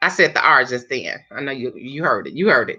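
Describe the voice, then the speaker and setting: Bright-voiced woman chatting on a lo-fi stream. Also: extremely low pitch, big pitch swings, brisk, breathy edge. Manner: chatty, laughs often, talks to viewers. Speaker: live chat host, hairstylist. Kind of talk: casual live chat. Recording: dull lo-fi stream audio.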